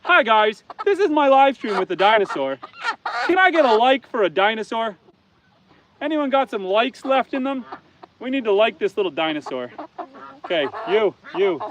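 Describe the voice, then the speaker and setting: A man's voice: sits high, sing-song, moderate pace, long pauses, a crowd in the background. A man hosting a live stream from his farm, chatting with viewers and talking to his pigs, goats and chickens. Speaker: homestead livestream host. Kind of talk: casual live-stream chat. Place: outdoors on a farm among animals.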